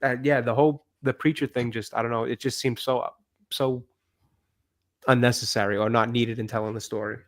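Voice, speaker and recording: Guy talking about a movie, kinda halting, lots of you knows. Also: medium pitch, little pitch movement. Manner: hesitant, halting, searches for words. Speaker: film review co-host. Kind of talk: casual chat.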